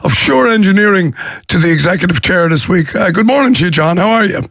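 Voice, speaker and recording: A man's voice: sits high, lively intonation, quick pace, a bit bright, no room sound. A man hosting a radio business show, interviewing a guest in a chatty way with fillers, in a studio. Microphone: studio microphone.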